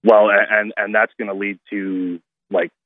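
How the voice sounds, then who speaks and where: A male radio caller talking in an earnest, halting way with many restarts, heard over a phone line. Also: on the low side, little pitch movement, no room sound. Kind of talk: call-in radio talk.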